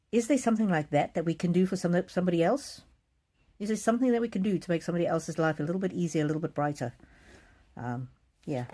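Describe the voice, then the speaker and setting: A woman's voice: deep voice, mellow. A middle-aged woman hosting a card-reading live stream tells a personal story in an earnest, emotional way, often restarting her sentences.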